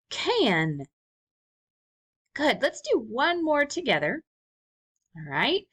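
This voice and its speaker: A young woman teaching a recorded first-grade lesson, speaking slowly and encouragingly to small children. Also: lowish voice, big pitch swings. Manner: slow, sing-song, encouraging teacher talk.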